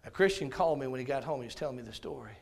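A man preaching a sermon, telling a story dramatically and swinging from loud bursts to hushed tones. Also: mid-range voice, lively intonation, racing, gravelly.

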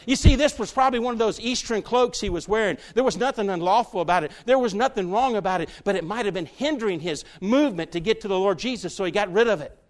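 A man preaching a sermon to his church, folksy and direct with the congregation, often building to loud, fervent stretches. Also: sits high, lively intonation, quick pace, few pauses. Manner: folksy, talks straight to the congregation, builds to shouts.

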